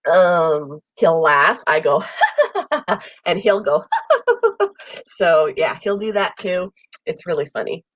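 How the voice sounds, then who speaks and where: A woman with a summer cold hosts a casual live pet chat for viewers from her air-conditioned room at home, coughing at times and rambling warmly with plenty of ums. Her pitch is fairly low and her pace a little slow. The audio sounds dull, with no echo.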